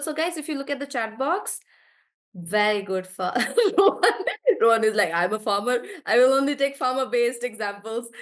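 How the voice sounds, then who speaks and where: A woman teaches a live online class in a fairly high voice. She is chatty and encouraging, praising students by name. Her explanations are often broken up by easy laughter. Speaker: English teacher.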